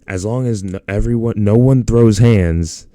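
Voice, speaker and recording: A very deep-voiced man drawls his reactions, slow and relaxed. His tone is dark and mellow. The recording is dry, with no room echo. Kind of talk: casual reaction chat.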